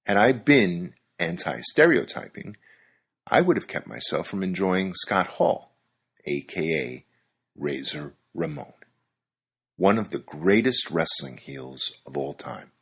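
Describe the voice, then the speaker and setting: A man's voice: low-pitched, big pitch swings, takes it slowly, a bit bright, breathy edge. A man hosting a podcast, reading scripted narration with wry, dry-humored storytelling. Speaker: podcast host.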